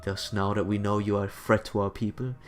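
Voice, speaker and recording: Cold haughty old-world emperor, guy reading it out, lowish voice. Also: level tone, fairly quick, soft background music, close to an everyday voice. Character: imperious ancient emperor speaking in royal we.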